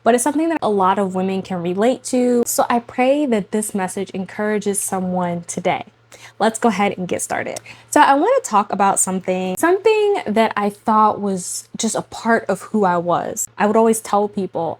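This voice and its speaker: A young adult woman, a mother, speaking casually to camera about faith and home life in a chatty, animated way, often laughing and addressing women viewers directly. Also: medium pitch, moderate pace. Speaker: faith and lifestyle vlogger, mother.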